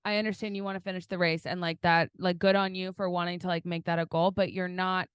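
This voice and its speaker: A woman's voice: lowish voice, level tone, fast, clean tone, no echo. A woman co-hosting a podcast, chatting casually and giggling, often acting out quotes in silly voices. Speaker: podcast co-host. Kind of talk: casual chat.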